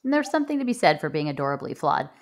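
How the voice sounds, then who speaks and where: Curious woman host, lowish voice. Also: very animated, rapid-fire. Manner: curious, affirming, thinks aloud with hedges. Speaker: interview host. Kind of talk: interview questions and chat.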